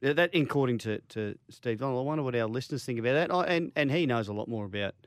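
A man's voice: mid-range voice, quick pace, dry recording. An Australian man co-hosting a sports radio show, chatting casually with frequent restarts and laughs, recorded in a studio. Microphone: studio microphone.

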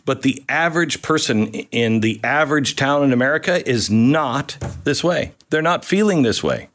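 A man's voice: medium pitch, expressive, normal speed, fairly bright tone, slight background noise. A man hosting an interview podcast, cutting in briefly and then speaking in earnest bursts. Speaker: podcast host. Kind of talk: casual interview conversation.

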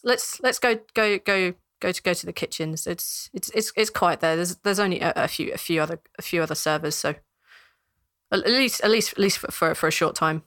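Timid stammering male jailer, low voice, dry close sound, voiced by a woman. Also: bright, forceful tone, no echo.

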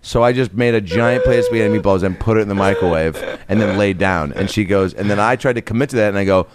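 A man's voice: lowish voice, fast talker, over a noisy crowd. A man hosting a podcast, telling stories in casual chat, swearing freely and acting out other people's lines. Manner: animated storyteller, swears freely, acts out quoted voices. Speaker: podcast host.

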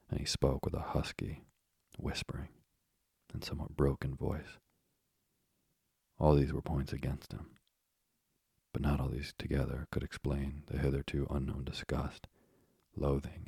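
Male audiobook narrator, measured, husky, gravelly fry, dry close sound. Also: extremely low pitch, a little mellow, dry recording. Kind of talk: classic novel narration.

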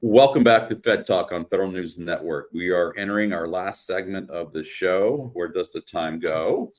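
A very low-pitched man hosts a talk radio show. He speaks in a relaxed, conversational way, with plenty of fillers as he steers the discussion. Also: moderate pace.

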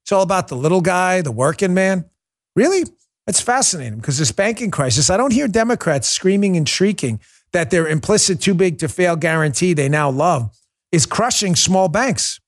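Sarcastic high-voiced male talk host. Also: moderate pace. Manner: sarcastic, mocking, animated pitch swings. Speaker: political talk show host. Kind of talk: opinionated monologue.

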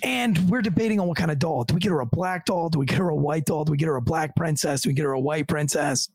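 A man's voice: fairly high pitch, quick pace, darkish tone. A man who works as a police officer, telling a long story in casual, profane talk and acting out the lines of the people in it. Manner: profane, acts out the voices of others in his stories.

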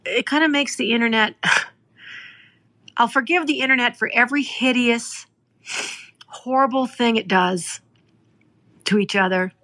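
A middle-aged woman from Canada, hosting a podcast and telling a moving story in an earnest, heartfelt way, slowing down for emphasis. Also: a little high, bright, forceful tone. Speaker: podcast host. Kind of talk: emotional storytelling.

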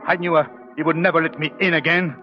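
A man playing the leading husband and narrator in a 1940s radio drama, talking in a hushed, intense, pleading way. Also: on the high side, flat delivery, fast talker, lightly acted. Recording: dull 1940s radio broadcast with faint music.

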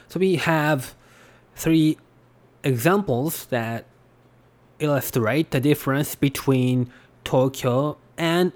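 A man gives a laid-back language lesson at a mid pitch, easing through his points with plenty of fillers and small restarts. His delivery is loose and unhurried. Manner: relaxed, hesitant, many fillers. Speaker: podcast host teaching Japanese. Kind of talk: casual spoken lesson.

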